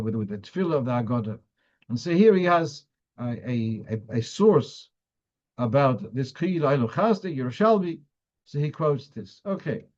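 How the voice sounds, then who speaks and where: A rabbi teaches his weekly halachic class, explaining step by step and thinking aloud with frequent restarts. His voice is mid-range, and the sound is lo-fi.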